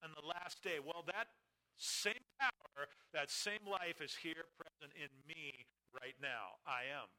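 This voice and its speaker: A man delivering a sermon in a very bright, ringing voice pitched a little high. He stresses key phrases loudly and lets others fall quiet and low. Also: slow, low-quality recording. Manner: emphatic, swings between loud stresses and quiet low drops. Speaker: preacher.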